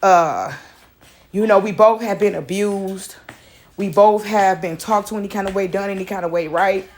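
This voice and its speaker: A woman's voice: mid-range voice, normal speed. A woman, out of breath, chatting casually in a spiritual vlog and often asking "right?". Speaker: vlogger. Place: in a house with her dog.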